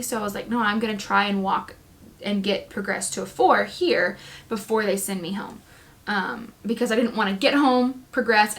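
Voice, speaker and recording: Chatty young woman telling her story. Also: mid-range voice. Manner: chatty, animated, quotes herself often. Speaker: vlogger, new mom. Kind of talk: casual storytelling to camera.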